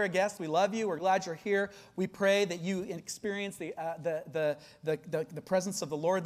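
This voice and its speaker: Animated pastor preaching with loud-soft swings. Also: medium pitch. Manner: conversational with frequent fillers. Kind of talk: sermon.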